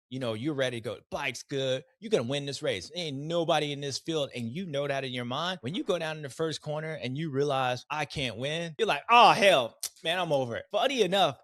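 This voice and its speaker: A man's voice: mid-range voice, a bit bright, no echo, studio quality. A man hosting a casual race recap, rambling with slang and restarts and acting out riders' voices in quotes. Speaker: podcast host, former racer.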